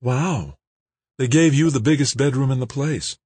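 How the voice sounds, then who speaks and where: A man's voice: mid-range voice, normal speed, a little mellow, breathy edge, dry recording, voice pushed up, lightly acted. A flippant young woman, as a male narrator puts her on.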